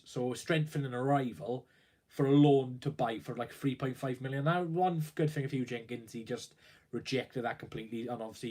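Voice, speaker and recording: A man's voice: medium pitch, darkish tone. A young man talking on his own live stream about his football club, rambling and worried, with plenty of fillers and restarts. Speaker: football fan livestreamer. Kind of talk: casual live-stream commentary.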